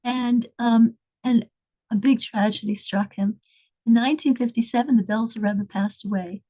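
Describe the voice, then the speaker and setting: A woman telling a faith story in a high, clear voice. She speaks earnestly, often pausing and restarting her sentences. Her telling is halting but sincere. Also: mellow, low-quality recording. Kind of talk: religious storytelling.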